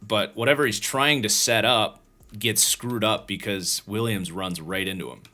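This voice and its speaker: A tired, yawning man hosts a livestream as a football draft analyst, casually breaking down game film and thinking aloud with frequent restarts. His voice sits on the low side, with a moderate pace and a sharp tone.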